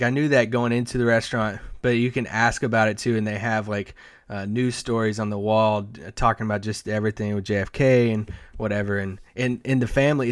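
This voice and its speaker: A man's voice: lowish voice, clear, resonant tone, dry recording, clean studio sound. A man co-hosting a casual sports podcast, telling loose, rambling stories with lots of fillers and restarts. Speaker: podcast co-host, team site editor. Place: Dallas area.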